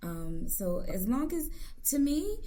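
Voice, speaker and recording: A woman's voice: sits high, big pitch swings, slow, mellow, poor audio. A woman hosting an interview, chatty and encouraging, with plenty of fillers. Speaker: host. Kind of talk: casual interview chat.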